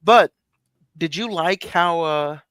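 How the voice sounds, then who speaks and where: A man with a fairly high voice talking movies with his co-host, dry and close to the mic. He stops and restarts his sentences as he works out what he means. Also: a bit bright, smooth, no echo. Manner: halting, restarts often. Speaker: podcast co-host. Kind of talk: casual movie discussion.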